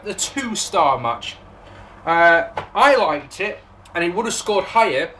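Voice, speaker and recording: A man from England gives a casual recap and review of a wrestling show, rambling sarcastically, swearing, and laughing at his own jokes. His English-accented voice is a little high and a bit bright, with a little hiss or hum in the recording.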